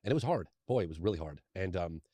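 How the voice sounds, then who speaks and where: A rapid-fire man in his fifties with a low voice, spinning a long personal story in an interview. He rambles eagerly and keeps restarting sentences as he goes. The sound is close and dry, with no room behind him. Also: animated, dark tone, no room sound. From England. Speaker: documentary filmmaker, interview guest.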